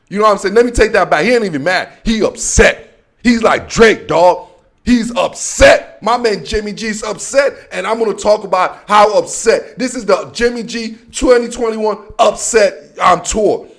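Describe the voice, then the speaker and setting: A man's voice: sits high, a little slow, a bit bright. A man hosting a casual sports show, making playful, slangy predictions about the coming season. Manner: playful trash talk with slang. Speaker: sports podcast host.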